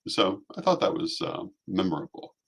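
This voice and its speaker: Deep-voiced man with a lively delivery. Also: normal speed, gravelly, breathy edge. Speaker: talk show co-host. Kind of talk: casual chat.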